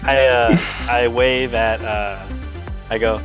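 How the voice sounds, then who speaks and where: A man's voice: medium pitch, steady tone, slow pace, music in the background. A man playing in a tabletop game, laughing and playful as he describes his moves. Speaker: player. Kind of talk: in-character tabletop play.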